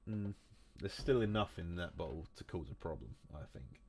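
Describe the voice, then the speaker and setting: A man's voice: sits low, animated, normal speed, a little hiss or hum. A man chatting casually on a live stream while drinking whiskey, rambling, swearing and mocking himself.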